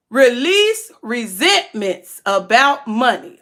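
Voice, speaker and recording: A woman's voice: high-pitched, normal speed, a bit bright. A woman giving a casual, emphatic tarot reading who is blunt and swears freely. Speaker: tarot reader.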